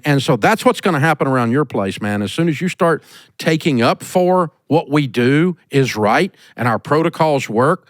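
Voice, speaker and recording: A middle-aged man hosting a call-in business advice show, blunt and animated as he tells stories, recorded in a studio. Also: mid-range voice, no echo. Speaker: host giving business advice.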